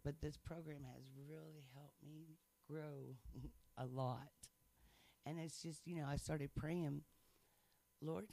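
A man's voice: a little high, steady tone, takes it slowly, creaky, dark tone. A man sharing his faith testimony in casual chat, earnest and playful, laughing often.

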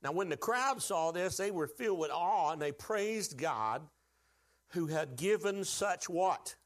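A man's voice: high-pitched, lively intonation, unhurried. A man preaching a sermon, with folksy humor and call-and-response questions to the congregation. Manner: folksy humor, acts out quoted voices. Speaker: pastor.

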